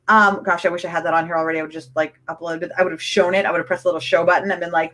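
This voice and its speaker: A woman coaching a live-streamed training, chatty and excitable, rambling with restarts as she answers viewer comments. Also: fairly low pitch, rapid-fire, hardly any pauses. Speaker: online business coach.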